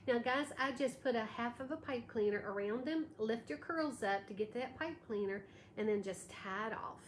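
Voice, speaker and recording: A woman's voice: on the high side, moderate pace. A tired woman hosting a live craft tutorial, thanking viewers by name as she demonstrates. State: a little tired, allergies. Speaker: craft livestream host. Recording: echoey room with faint background noise.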